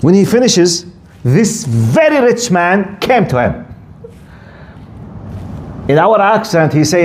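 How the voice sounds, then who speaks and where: Animated male preacher. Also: sits high, moderate pace. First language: Arabic. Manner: animated storyteller, mixes Arabic phrases into English. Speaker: Islamic scholar giving a tafsir lesson. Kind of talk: religious lesson with storytelling.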